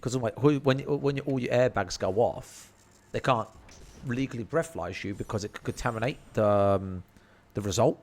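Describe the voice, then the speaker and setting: A man's voice: mid-range voice, moderate pace, a little mellow. A man telling a rambling, slang-filled story and swearing freely. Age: 30s. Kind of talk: casual storytelling.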